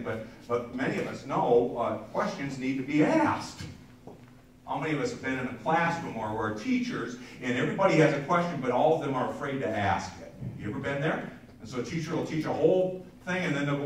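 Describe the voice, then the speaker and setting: A man's voice: mid-range voice, sing-song, fairly quick, far from the mic. A man in the pulpit delivering a sermon, talking with the congregation as much as preaching at them, doubling up words as he goes. His voice sits in a middle register. It carries through a very echoey church, picked up from well back off the mic with a faint hiss behind it. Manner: conversational preaching with asides to the congregation; frequent repeated words and restarts. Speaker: pastor. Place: church sanctuary.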